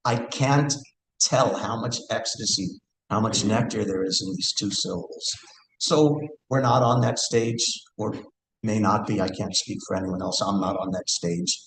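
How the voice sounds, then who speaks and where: A man's voice: lowish voice, unhurried. Earnest man giving a scripture class. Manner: earnest, thinking aloud with fillers and Sanskrit verse. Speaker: class speaker. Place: temple hall. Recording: echoey room, faint background hiss.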